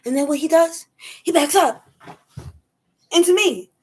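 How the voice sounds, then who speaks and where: A woman telling a story to camera in a casual rant, emphatic and animated, acting out her own shouts. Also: very high voice, unhurried. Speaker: vlogger.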